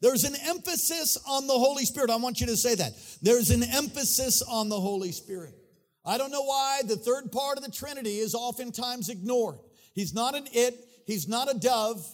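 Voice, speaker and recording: A male pastor preaches to his church through a microphone, his voice sitting high for a man. He builds fervent, sing-song runs of repeated phrases and calls out to the congregation. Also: lively intonation, normal speed. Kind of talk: sermon. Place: church sanctuary. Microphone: handheld or stage mic.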